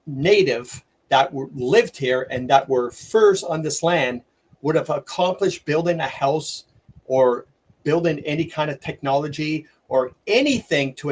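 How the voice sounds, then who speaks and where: A middle-aged man, hosting a livestream and ranting excitedly, with lots of stumbles and restarts. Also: a little high. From Canada. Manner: excitable, rambling rant with many restarts. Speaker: livestream host. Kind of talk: opinionated livestream commentary.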